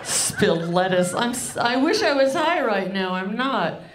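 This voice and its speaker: A woman's voice: mid-range voice, big pitch swings, unhurried, background noise. A woman comedian doing a stand-up set on a club stage, loose, rambling and crude, poking fun at herself. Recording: live club set with audience laughter.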